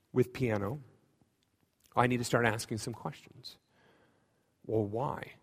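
A man's voice: medium pitch, a bit bright. Man, pastor, conversational sermon, self-deprecating humor, long reverb in a church hall. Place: church sanctuary.

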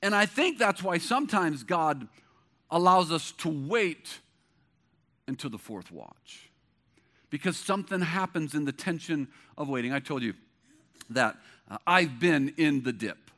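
A man's voice: fairly high pitch, expressive, a little slow, pushed and bright. A middle-aged man preaching a sermon as pastor, with an emphatic, repetitive cadence.

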